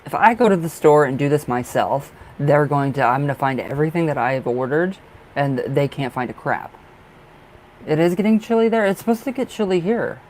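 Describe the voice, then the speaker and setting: This livestream tarot reader is a young man with a fairly high, animated voice and a fairly quick pace. Broadcasting from a dark room at home, he chats casually with his viewers, gets distracted easily, and apologizes and laughs a lot. The audio is poor, carrying a little hiss or hum.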